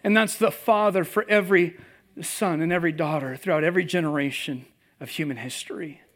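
A man preaching a sermon, telling a personal story with humor and animated swings between hushed and loud delivery. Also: fairly high pitch, fairly quick. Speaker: pastor. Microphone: presentation with slides, live audience.

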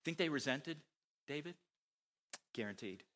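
A man preaching a sermon, animated, who asks his listeners many rhetorical questions. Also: on the high side, measured pace.

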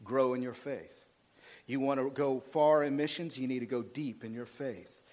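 A male pastor preaching a sermon, swinging from loud emphatic passages to quiet asides, fired up. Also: steady tone, normal speed. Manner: preaching with rising intensity, dropping low for asides.

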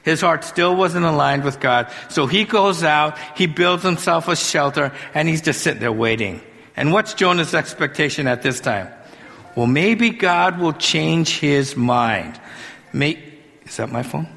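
Bright-voiced male pastor in a reverberant hall. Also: a little high, a little slow, gravelly, faint music behind. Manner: conversational and animated, with humorous asides. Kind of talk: sermon.

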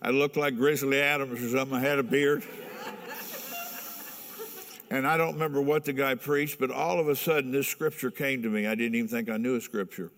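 Recorded with long hall reverb, an older Ohio man, from the USA, shares his personal testimony in a candid, earnest manner with occasional chuckles. He speaks briskly in a medium-pitched, slightly bright voice with fairly even intonation.

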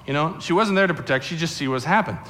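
A male pastor preaching a lively sermon in a church sanctuary, telling the story with acted-out voices and questions aimed at the kids. His voice is bright and forceful, sitting a bit high for a man. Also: fast talker. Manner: animated storyteller acting out voices, addressing kids. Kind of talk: sermon to a family congregation.

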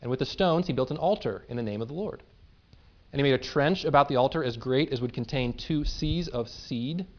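A man preaching a sermon, moving between reading scripture and retelling it in plain, lively paraphrase. His voice sits at a middle pitch. The recording is somewhat dull and lo-fi. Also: a little fast. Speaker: pastor.

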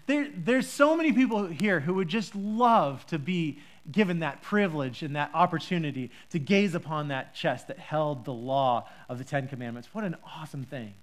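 A woman preacher teaching a Bible passage in a lively, chatty way, with frequent restarts and rhetorical questions. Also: medium pitch.

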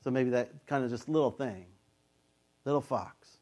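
A man's voice: medium pitch, normal speed, darkish tone. Man, 50s, pastor, sermon, conversational, mid-range voice, acts out quotes.

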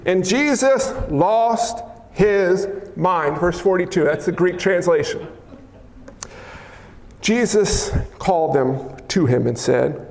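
A man preaching a sermon in an animated, joking way, acting out what people say. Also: high-pitched, slow pace, vocal fry. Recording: echoey hall.

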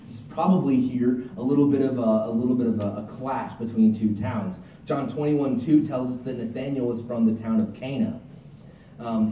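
A man's voice: medium pitch, warm tone, a little hiss or hum. A male pastor giving a sermon in a conversational way, with restarts and asides, recorded from a distance in a church. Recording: roomy, from a distance.

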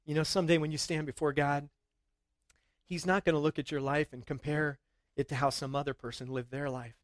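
A middle-aged man preaching a sermon in a church, earnest and rising to excited emphasis at times. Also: fairly high pitch, a little fast, dry recording. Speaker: pastor.

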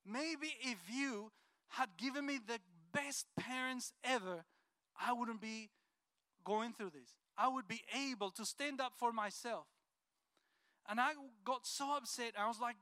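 A man shares an earnest, heartfelt personal testimony. His voice sits high and bright, smooth and clear, recorded with a dry, close sound. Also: measured pace, no room sound. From Colombia. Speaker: speaker sharing a personal testimony. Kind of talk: emotional personal testimony talk.

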